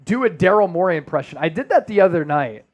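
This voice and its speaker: A man's voice: sits high, lively intonation, fast, muffled recording, faint music behind. Joking male sports stream host. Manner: loose, joking, reads chat aloud. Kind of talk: casual livestream chat.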